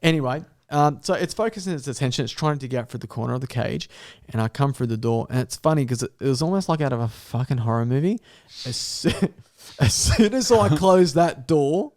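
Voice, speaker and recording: Man, podcast guest, mid-pitch storyteller, swears freely, acts out every line of dialogue. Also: lively intonation, a little fast, a little mellow. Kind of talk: storytelling in casual podcast chat.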